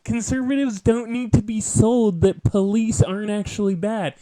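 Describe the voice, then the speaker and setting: A man with a high, smooth voice talks slowly through an earnest political monologue. He lectures with asides and quick self-corrections. His voice is recorded close and dry. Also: fairly even intonation, warm tone, no room sound. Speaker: podcast host.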